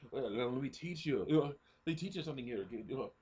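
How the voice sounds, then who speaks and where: A man's voice: medium pitch, lively intonation, a little fast, dark tone, breathy edge. A man putting on the voice of a friendly sergeant from a movie, coaching in a hearty, upbeat tone. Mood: cheerful. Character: friendly grown male sergeant, cheerful teacher.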